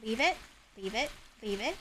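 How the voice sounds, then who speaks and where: A woman's voice: on the high side, animated, moderate pace, pushed and bright, slight background noise. A woman streaming herself cooking at home, chatting casually, self-mocking and swearing. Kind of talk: casual cooking livestream chat.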